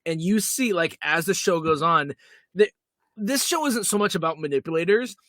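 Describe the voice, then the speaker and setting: A man's voice: fairly high pitch, animated, moderate pace, fairly bright tone, no room sound. A man co-hosting a podcast, chatting casually and giving emphatic opinions. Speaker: podcast co-host. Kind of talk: casual chat.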